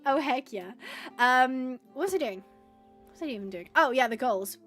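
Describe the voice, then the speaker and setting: A woman's voice: sits high, lively intonation, normal speed, a bit bright, faint music behind. A woman hosting a gaming livestream from home, chatting casually and bubbly with her viewers as she reads the chat. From United Kingdom.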